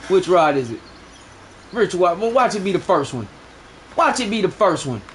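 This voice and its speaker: A man's voice: sits high, big pitch swings, moderate pace, fairly bright tone, slight background noise, low-quality recording. A young man streaming a fishing game, bragging and swearing in loose slang as he talks to his chat. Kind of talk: live gameplay commentary.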